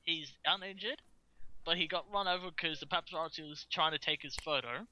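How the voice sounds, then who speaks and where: A man's voice: a little high, pushed and bright, dull audio. A man co-hosting a casual podcast, reading out the news with many ums and frequent laughs. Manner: halting, full of ums and uhs, laughs often.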